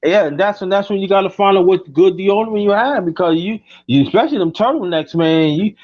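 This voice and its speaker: A man hosting a casual chat, animated and stuttering words in quick repeated bursts. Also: high voice, dry recording, dull audio.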